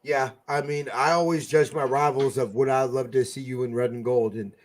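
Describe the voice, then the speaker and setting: A man co-hosting a casual sports fan podcast, profane and excitable, swinging between loud bursts and mutters. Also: medium pitch, moderate pace. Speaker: podcast co-host.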